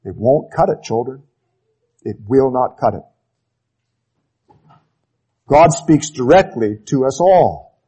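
A man preaching with deliberate, unhurried weight, hammering his points home through repetition. His voice is husky and mellow, and he often sinks to a hushed, heavy close at the end of a phrase. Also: expressive, low-quality recording. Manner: emphatic, repeats key phrases, drops to low intensity on closing words. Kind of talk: sermon.

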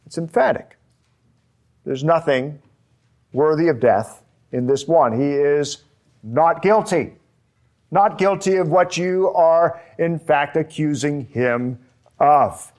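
Male preacher, measured unhurried delivery, emphatic repetition, sermon style. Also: fairly high pitch, darkish tone. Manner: slow, emphatic preaching with repeated phrases. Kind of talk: expository sermon.

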